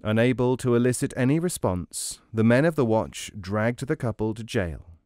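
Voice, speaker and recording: A man reading a folk tale aloud in a measured, expressive way. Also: mid-range voice, no echo, clean studio sound. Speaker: storyteller. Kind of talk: read-aloud storybook narration.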